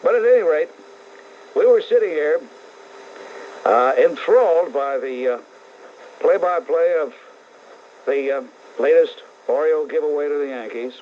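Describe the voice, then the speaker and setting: On a muffled old AM radio tape with slight background noise, a middle-aged New York man hosts a call-in talk show. His fairly high, expressive voice moves a little slowly with long pauses as he bluntly and sarcastically rants at callers and listeners.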